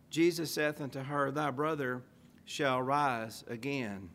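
A man's voice: medium pitch, steady tone, takes it slowly, a bit bright. A man preaching a sermon, reading old-style scripture aloud with emphasis and asking rhetorical questions. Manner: emphatic, stressing key phrases.

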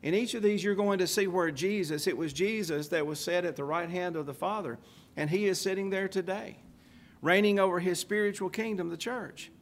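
A man's voice: sits high, brisk. A man preaching a sermon, quoting scripture and building to emphatic points. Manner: reads and quotes scripture, emphatic rises on key points.

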